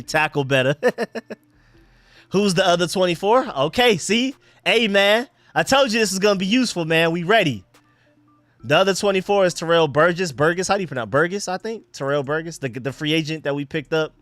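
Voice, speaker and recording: A man hosting a casual live football stream, chatting excitedly with viewers and reacting to plays. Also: fairly high pitch, no echo. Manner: excited, chatty, talks to chat and his dogs. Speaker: livestream host.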